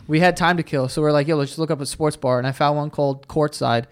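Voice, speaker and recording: A man's voice: a little high, fast, smooth. A young man co-hosting a casual sports podcast, telling stories loosely with plenty of swearing. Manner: loose, swearing, animated storytelling. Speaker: podcast co-host.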